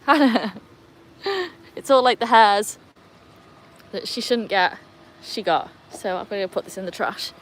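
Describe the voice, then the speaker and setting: Unhurried and medium in pitch, a woman chats with her livestream viewers from an outdoor garden while fussing over her dogs. Slight background noise can be heard.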